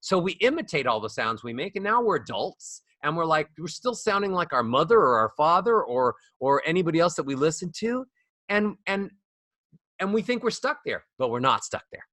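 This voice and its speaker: Animated bright-voiced man, voice coach. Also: fairly high pitch, moderate pace, dry recording, clean studio sound. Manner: playful, acts out voices of others. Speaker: voice coach guest. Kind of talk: animated podcast conversation.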